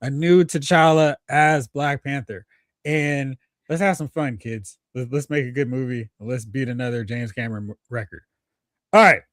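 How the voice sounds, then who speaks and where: A man's voice: mid-range voice, fairly even intonation, moderate pace, no room sound, clean studio sound. Teasing man hosting a movie chat. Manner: laughing, teasing, reads out chat comments. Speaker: podcast host.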